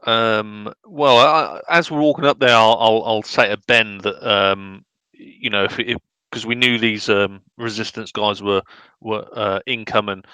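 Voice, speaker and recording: A man's voice: lowish voice, fairly even intonation, measured pace, bright, forceful tone, clear, resonant tone, dry recording, rough recording. A man playing in a tabletop game, talking hesitantly and repeating words as he thinks. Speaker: player. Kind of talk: casual tabletop play.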